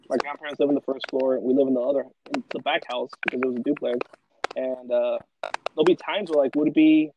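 A man's voice: a little high, noisy background. A man hosting a casual chat, telling a story in a rambling way with lots of fillers. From Los Angeles. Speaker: podcast host.

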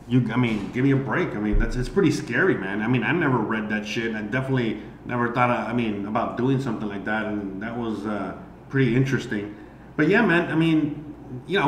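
A man, an amateur comedian streaming, ranting casually and profanely and rambling with many fillers. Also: mid-range voice. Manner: rambling, heavy on "you know" fillers. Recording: roomy echo, faint background noise.

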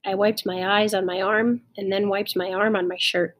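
A woman reading a children's novel aloud, tender and expressive. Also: mid-range voice, normal speed. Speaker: audiobook reader. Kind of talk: audiobook narration.

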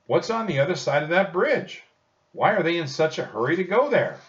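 A man voicing an eager, curious young girl in a storybook reading, with quick excited questions. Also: fairly high pitch, pitched above the performer's own voice. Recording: dull distant recording.

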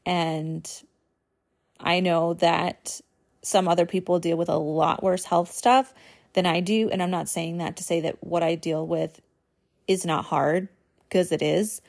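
A woman's voice: fairly low pitch, fairly even intonation, unhurried, gravelly, a little mellow. A young adult woman hosting a personal vlog, talking in a casual, earnest way with many fillers. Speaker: host. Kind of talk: personal talk to camera.

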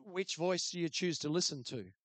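A man's voice: fairly high pitch, moderate pace, a bit bright, no echo. A man preaching and praying in a conversational way, with many fillers. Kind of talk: sermon with prayer.

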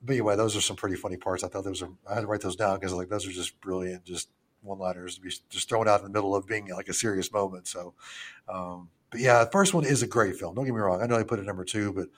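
A man's voice: low voice, steady tone, quick pace. A young man co-hosting a podcast, chatting casually and crudely about a film, laughing often and acting out scenes in a put-on voice. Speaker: podcast co-host.

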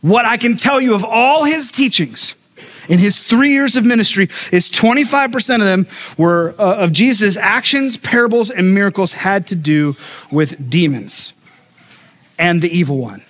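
A man's voice: high voice, lively intonation, normal speed, fairly bright tone. A man, a pastor, preaching a conversational sermon to a live congregation and asking them questions as he goes. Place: church sanctuary with a live congregation.

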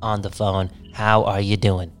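A man chatting on a phone call, animated and emphatic, tagging his sentences with "okay?". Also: fairly low pitch, measured pace, soft background music. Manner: animated, repeats "okay?" a lot. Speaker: caller. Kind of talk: casual phone chat.

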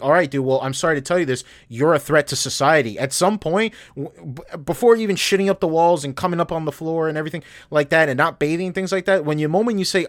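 A man co-hosting a podcast, talking bluntly with lots of swearing and heated opinions. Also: a little high. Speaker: podcast co-host. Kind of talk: casual podcast chat.

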